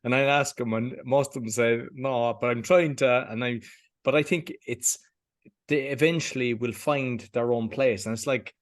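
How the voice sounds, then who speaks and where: A male podcast host with a mid-range voice speaks in a relaxed, musing way. He talks over his ideas with his guest in casual conversation. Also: medium pitch, normal speed.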